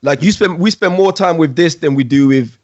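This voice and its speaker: Fast-talking earnest podcast host man. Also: fairly high pitch. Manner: earnest, repeats words as he builds a point. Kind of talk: casual podcast conversation. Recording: dull lo-fi audio.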